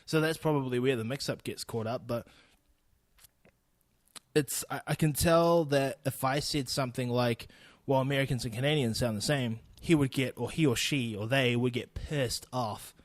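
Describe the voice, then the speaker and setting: Young New Zealand man, blunt and profane podcast host, even mid pitch, dead-dry close sound. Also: normal speed, dry recording. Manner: blunt, sweary, laughing asides. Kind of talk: solo podcast rant. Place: home recording in Austin.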